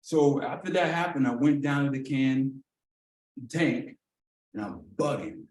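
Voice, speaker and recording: Animated man telling a story in a roomy hall. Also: mid-range voice. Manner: animated, acts out dialogue, often asks "you know what I'm saying". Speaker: executive director leading a training. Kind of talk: casual personal storytelling in a training talk. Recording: roomy echo, mic at a distance, faint noise.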